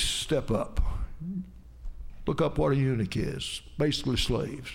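A man's voice: mid-range voice, a little slow, gravelly. A man preaching a sermon, retelling a Bible story in a folksy, dramatic way with frequent asides to his listeners.

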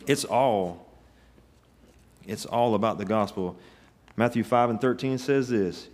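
A man's voice: on the low side, unhurried, pauses often, a little mellow. A man preaching a sermon, telling stories in a folksy, emphatic way with rising bursts. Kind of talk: sermon with storytelling.

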